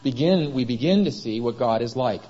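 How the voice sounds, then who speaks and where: A man's voice: mid-range voice, lively intonation, moderate pace, mellow, husky, dull audio. A man preaching a sermon in a chapel, questioning the congregation and answering himself. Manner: asks the congregation rhetorical questions.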